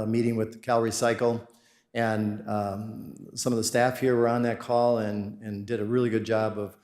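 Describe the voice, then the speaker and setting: A man presents his company's services to a city meeting in a friendly, rambling way, tripping over fillers and restarting his sentences. His voice sits somewhat low, and the council chamber gives it a clear echo. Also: darkish tone. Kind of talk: public presentation to residents. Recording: echoey meeting room.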